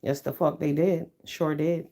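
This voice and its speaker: A woman's voice: low-pitched, fairly even intonation, measured pace, warm tone. A middle-aged woman chatting to her viewers, telling a story in a blunt, profane, emphatic rant. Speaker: YouTuber. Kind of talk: casual chat to viewers.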